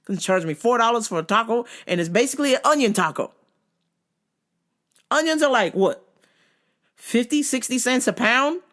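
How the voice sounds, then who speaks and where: Vlog host, female: animated comic ranter, profane, very lively pitch, mimics voices. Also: normal speed, long pauses. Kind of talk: comedic storytelling rant.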